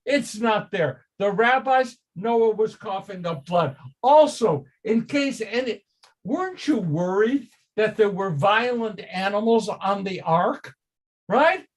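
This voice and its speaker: An older man, a rabbi, teaching a casual Torah study class, slow and emphatic, often quizzing his listeners with questions. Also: high-pitched, lively intonation.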